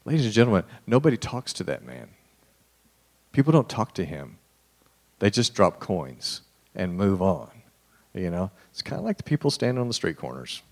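A man with a lowish voice delivers a relaxed, conversational sermon. He speaks straight to his listeners in an informal way and sinks into near-hushed tones to stress key points. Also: normal speed, creaky, long pauses. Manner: informal, addresses listeners directly, drops to a hushed voice for emphasis. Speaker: preacher.

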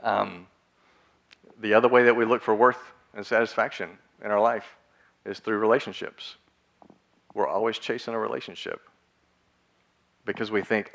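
A man's voice: fairly low pitch, fairly even intonation, normal speed, gravelly, long pauses, fairly bright tone. A man preaching a casual, conversational sermon, full of slang and acted-out quotes. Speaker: pastor.

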